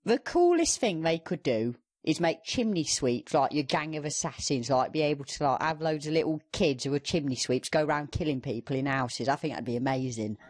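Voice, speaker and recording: A man's voice: fairly high pitch, lively intonation, fairly quick, hardly any pauses. A young man co-hosting a gaming podcast, chatting casually with lots of fillers and a sarcastic streak. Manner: rambling, filler-heavy, sarcastic. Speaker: podcast co-host. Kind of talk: casual banter.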